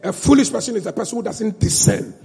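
A man's voice: high-pitched, quick pace, gravelly, dark tone, slight background noise. A male pastor preaching with fervor, in rhythmic repeated lines and calls to the congregation. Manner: fervent, rhythmic call-and-response preaching. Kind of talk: sermon.

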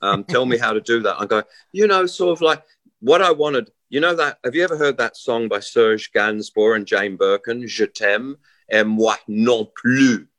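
A man's voice: mid-range voice, unhurried, dry recording. Rambling middle-aged man. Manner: rambling, animated storyteller with many restarts and quoted voices. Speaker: musician guest. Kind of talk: casual interview talk.

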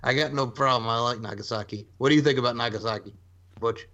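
A man's voice: mid-range voice, fast talker, bright, forceful tone, muffled recording, slight background noise. A man co-hosting a casual podcast who asks eager questions and teases the others. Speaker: podcast co-host. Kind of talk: casual chat.

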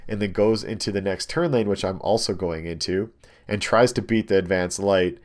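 A young man casually telling a long, animated story, full of ums and likes. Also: low-pitched, normal speed.

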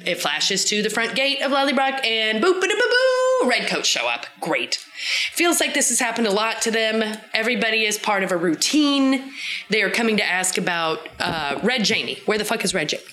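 A woman with an Arkansas Southern accent, co-hosting a podcast and recapping a TV episode in a profane, animated way with sound effects. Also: mid-range voice, normal speed. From Southern United States. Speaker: podcast co-host. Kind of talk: casual chat recapping a TV episode.

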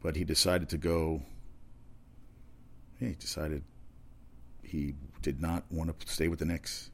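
A man's voice: a bass voice, flat delivery, measured pace, a bit bright. A man hosting a casual talk segment, rambling through sports news and comedy anecdotes. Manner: rambling, conversational, with restarts and asides. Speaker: talk show host.

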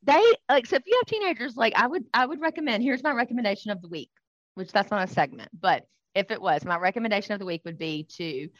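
Lively woman podcaster. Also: medium pitch, fast, no echo, lo-fi sound. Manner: animated, laughing, teasing. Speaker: podcast co-host. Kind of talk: casual chat.

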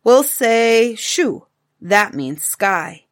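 A woman's voice: a little high, very animated, extremely slow, heavily acted. Patient playful caveman father read by a woman, explaining step by step, storybook voice.

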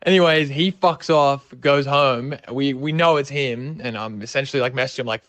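A man's voice: medium pitch, fairly even intonation, moderate pace, hardly any pauses, fairly bright tone, dry recording. A young man with an Australian accent, telling a rambling, sweary story in a casual way. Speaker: storyteller guest.

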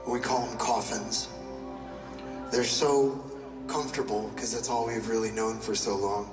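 A man's voice: on the low side, level tone, a little slow. A man telling a personal story on stage as a motivational speaker, candid and confessional, now and then swearing. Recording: echoey hall from far off with loud music.

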